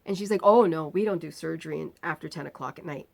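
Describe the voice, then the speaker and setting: A woman vlogger telling a personal story, acting out the people in it with lively, rising outbursts. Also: low-pitched, fast, gravelly. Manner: animated retelling, acting out quoted lines.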